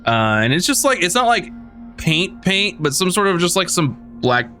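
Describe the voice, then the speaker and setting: A man's voice: sits high, big pitch swings, moderate pace, sharp tone, soft background music. A man narrating a tabletop game as game master, rambling with lots of fillers.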